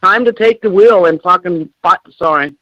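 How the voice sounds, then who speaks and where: A woman's voice: lowish voice, moderate pace, fairly bright tone, dry recording, highs cut off, faint music behind. An older woman, a grieving grandmother, speaking angrily and bluntly as a guest on a call-in show, swearing and repeating herself. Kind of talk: emotional interview on a call-in show.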